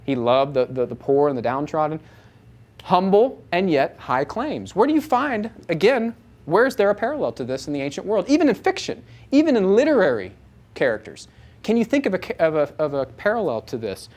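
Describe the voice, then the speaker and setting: Animated man lecturing with lively pitch. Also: brisk. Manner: animated, asks the audience many rhetorical questions. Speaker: Bible teacher. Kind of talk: lecture to a live audience.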